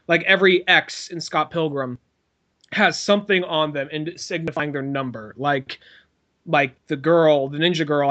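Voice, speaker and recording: This man's fairly high voice is bright and forceful as he co-hosts a podcast. He chats in a loose, rambling way, swearing and slipping into silly voices.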